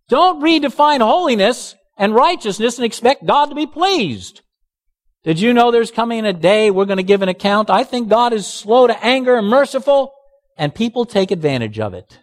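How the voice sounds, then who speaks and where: A man's voice: high voice, sing-song, moderate pace, long reverb tail. A male pastor preaching a sermon emphatically, with sarcastic asides.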